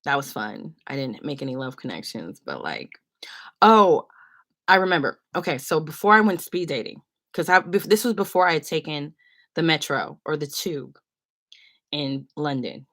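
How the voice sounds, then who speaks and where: A woman's voice: low-pitched, lively intonation, normal speed, a bit bright. A young woman from San Francisco, chatting and rambling through a story on a livestream, full of fillers. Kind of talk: casual storytelling chat.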